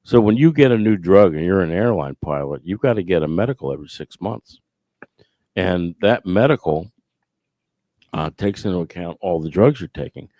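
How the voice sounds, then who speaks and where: Deep, lively man, teasing co-host. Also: moderate pace, no room sound, muffled recording. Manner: teasing, sarcastic. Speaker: morning show co-host. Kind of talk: mocking on-air banter.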